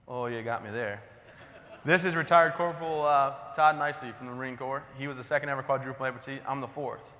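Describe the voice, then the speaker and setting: Male keynote speaker, 30s, tense bright tone, wry conversational storytelling, stage mic with long hall reverb. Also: medium pitch, fairly quick. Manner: joking, conversational, self-deprecating. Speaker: motivational speaker. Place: large conference hall.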